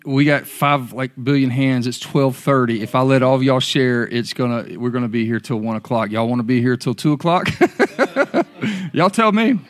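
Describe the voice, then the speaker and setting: A man's voice: mid-range voice, moderate pace. A man leading a church gathering, joking casually with the crowd about the time. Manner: joking, uses y'all. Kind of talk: casual address to a congregation.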